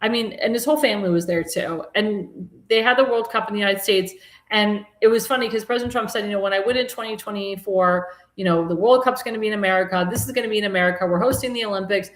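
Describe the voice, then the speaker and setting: A woman's voice: medium pitch, quick pace. Chatty woman host, roomy sound. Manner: chatty, rambling, many fillers and restarts; indignant, scolding. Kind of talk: casual political talk show commentary. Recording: roomy echo.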